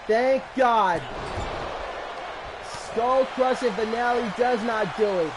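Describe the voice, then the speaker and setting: A man commentating a wrestling match as a fan, emotional and shouting at the action. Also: extremely high pitch, slow pace, pauses often, crowd noise, noisy background. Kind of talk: excited fan commentary on a video game match.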